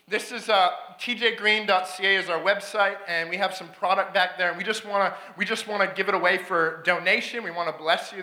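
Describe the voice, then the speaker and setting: A man preaching a sermon as a guest speaker, telling a story with excitement, frequent restarts and laughter. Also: high-pitched, reverberant. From Canada. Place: church sanctuary.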